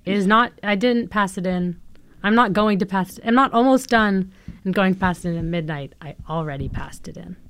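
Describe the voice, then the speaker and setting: A woman's voice: mid-range voice, fairly quick, fairly bright tone, clean tone. A young woman co-hosting a casual chat podcast, talking in a loose, chatty way with lots of "like" and laughs. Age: young adult. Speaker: podcast co-host.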